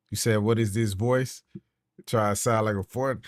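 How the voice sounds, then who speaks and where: A man's voice: fairly low pitch, steady tone, moderate pace, faint music behind. A man reading all the characters of a courtroom game aloud in his own voice, with playful asides and casual commentary. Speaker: gaming YouTuber.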